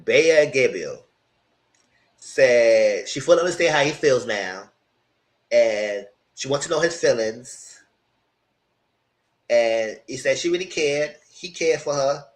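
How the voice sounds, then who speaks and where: A man giving a casual live recap of a reality dating show, animated and slangy, with mocking asides to the contestants. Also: mid-range voice, slow, long pauses. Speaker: reality TV reviewer.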